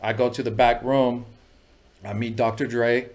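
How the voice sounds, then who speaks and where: A man's voice: mid-range voice, level tone, unhurried. Man telling loose, profane stories. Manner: loose, profane, peppered with "you know what I mean". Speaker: music producer guest. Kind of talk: casual storytelling interview.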